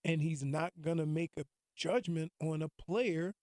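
A man's voice: on the high side, a little slow, a little mellow, no room sound, studio quality. A man cohosting a casual sports talk show, teasing the others and laughing often. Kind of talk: casual banter.

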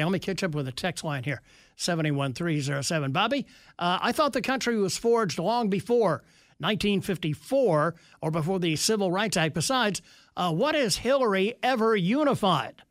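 Talk radio host, male, fairly high voice, dry close sound, sardonic delivery while reading texts. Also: animated, brisk, a bit bright, dry recording. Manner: wry, sarcastic asides.

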